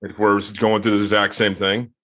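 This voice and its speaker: Low-voiced, bright-toned podcast man. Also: level tone, normal speed. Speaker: podcast co-host. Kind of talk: casual chat.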